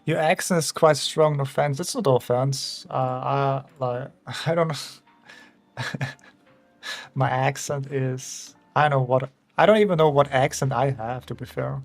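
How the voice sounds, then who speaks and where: This young man from Austria, an art streamer with an Austrian German accent, has a mid-range, creaky voice and a measured pace. He draws on stream, talking loosely with his audience, rambling and laughing softly at chat messages over gentle background music.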